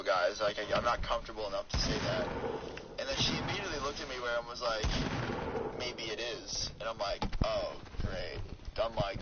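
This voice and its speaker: A young man telling a personal story with lots of fillers and restarts, as a YouTuber over gameplay commentary. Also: medium pitch. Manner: rambling, with many fillers and restarts. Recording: dull lo-fi mic with clear background noise.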